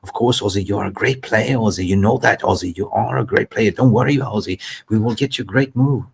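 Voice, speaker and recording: A man playing a smooth-talking male football agent who calms his client down. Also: on the low side, a little fast, exaggerated voice. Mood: placating. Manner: soothing and reassuring, says mate a lot.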